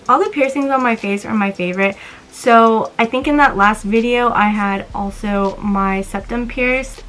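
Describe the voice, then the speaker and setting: A woman's voice: medium pitch, fairly bright tone, rough recording. A young woman-voiced speaker in their twenties with a slight lisp, rambling in a casual vlog chat. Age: 20s. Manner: rambling, chatty, casual swearing. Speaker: vlogger.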